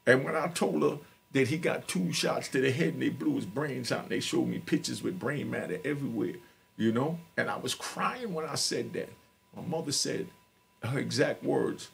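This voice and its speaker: A man's voice: medium pitch, moderate pace, vocal fry, slightly rough. A middle-aged man telling his personal story as a podcast guest, emphatic and streetwise, speaking straight to his listeners.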